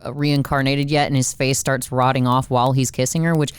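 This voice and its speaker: A woman co-hosting a casual movie podcast, chatting in a rambling way with quick asides. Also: very deep voice, little pitch movement, clear, resonant tone, no room sound. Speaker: podcast co-host.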